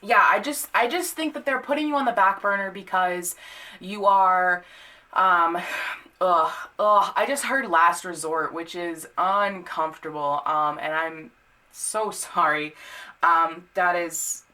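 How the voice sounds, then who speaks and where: Bright-voiced young woman reading tarot. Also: fairly low pitch, measured pace. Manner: chatty, many fillers, blunt and swearing when annoyed. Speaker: tarot reader. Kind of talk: casual tarot reading to camera.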